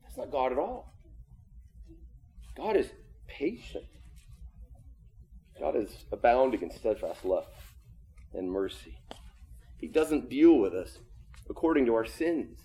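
A man preaching a sermon, talking in a conversational, earnest way that swings from loud emphasis to hushed tones. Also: medium pitch, expressive, a little slow, long pauses. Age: adult with children. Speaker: pastor.

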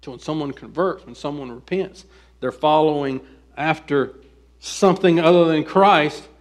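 A male pastor speaking at a normal pace in a slightly high voice preaches an expository sermon. He reads passages aloud, asks his audience questions, and alternates between quiet remarks and loud, urgent pleas.

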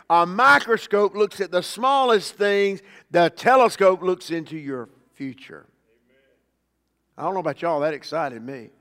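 High-voiced pastor preaching. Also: male voice, big-room sound. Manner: folksy preaching, swells loud on scripture, drops low and soft for asides. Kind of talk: sermon.

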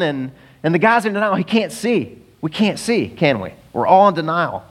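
A middle-aged male pastor delivering a sermon in a loose, conversational way. His pitch sits a bit higher than most men's, and his voice swings widely as he acts out little quoted exchanges. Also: moderate pace. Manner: conversational, animated storytelling with acted-out quotes.

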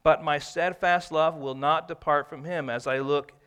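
A man's voice: fairly high pitch, steady tone, normal speed, fairly bright tone, clean tone. A man preaching a sermon, explaining scripture verse by verse and stretching out key phrases for emphasis. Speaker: pastor.

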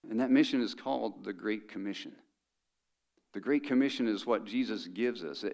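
A man's voice: fairly low pitch, normal speed, creaky, a little mellow. A middle-aged man preaching a sermon as pastor, conversational and joking with the congregation.

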